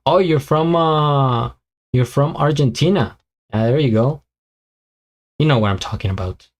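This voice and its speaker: A man's voice: medium pitch, measured pace. A man hosting a live reaction stream, chatting casually with viewers and thinking aloud with plenty of fillers, his voice tiring as he goes. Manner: rambling, thinks aloud with many fillers and restarts. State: voice tiring and weakening.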